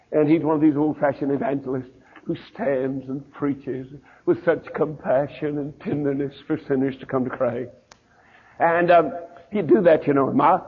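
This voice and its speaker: An older man preaching a sermon, telling stories in a folksy way, his voice quiet at times and rising at others. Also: a little high, husky. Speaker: pastor. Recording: tinny phone-like old sermon recording.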